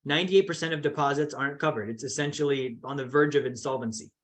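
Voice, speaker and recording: Talking quickly at medium pitch, a man delivers an explanatory finance course lesson. He hammers points home by repeating them, constantly checking in with "okay" and "right".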